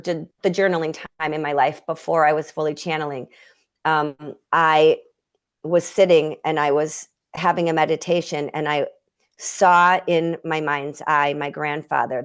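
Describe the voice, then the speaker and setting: Female guest healer with a low voice, earnest and heartfelt, talking over a video call. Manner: earnest, emotional storytelling with many restarts. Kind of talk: personal storytelling in conversation.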